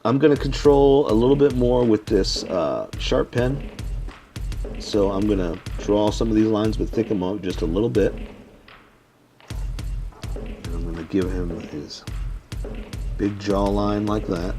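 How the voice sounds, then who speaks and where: A man narrating each stroke of a step-by-step drawing lesson, rambling a little with many pauses and fillers. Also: lowish voice, dark tone, soft background music. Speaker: drawing instructor. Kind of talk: casual step-by-step drawing tutorial.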